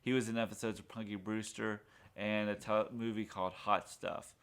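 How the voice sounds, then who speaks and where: A man's voice, on the low side and a bit bright, clear and resonant, keeps a level tone at a moderate pace. Reviewing a TV pilot on a podcast, he chats casually, rambling with fillers and acting out lines from the show.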